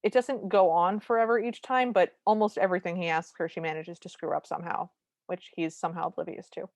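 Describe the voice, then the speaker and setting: A woman's voice: on the low side, fairly even intonation, fairly quick, no room sound. A woman co-hosting a podcast, recapping a movie in casual chat with wry, humorous asides. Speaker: podcast co-host.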